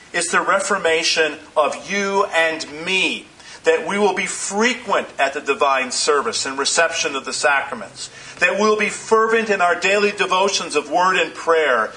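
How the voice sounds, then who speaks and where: A man preaching a sermon as pastor, in measured phrases that slow down for emphasis. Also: fairly high pitch, pushed and bright, poor audio.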